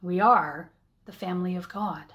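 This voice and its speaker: A woman pastor with a Canadian accent, giving a sermon at a slow, measured pace with deliberate pauses. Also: on the low side, fairly bright tone, lo-fi sound.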